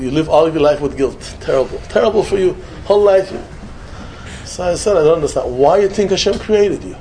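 High-voiced man preaching with sudden swings. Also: slight background noise. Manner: animated, swings between loud emphatic lines and soft murmured ones; peppers English with Hebrew and Yiddish words, short repeated phrases. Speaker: rabbi giving a talk. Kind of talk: sermon with storytelling.

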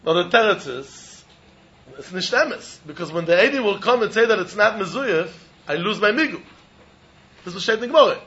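A man teaching a Talmud study lecture. He pitches questions in a high, bright voice that swoops up and down. The recording is dull and lo-fi. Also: normal speed. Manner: animated, questioning, mixes Yiddish phrases into English.

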